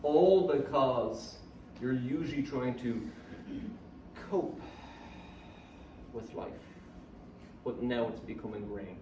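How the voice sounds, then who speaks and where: A man, a guest speaker giving a lively, joking talk and coaxing the audience to join in. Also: mid-range voice, slow pace, long pauses, background noise. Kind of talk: live motivational talk to an audience. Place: event hall with an audience. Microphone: phone camera from the audience. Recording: echoey hall phone recording from far off.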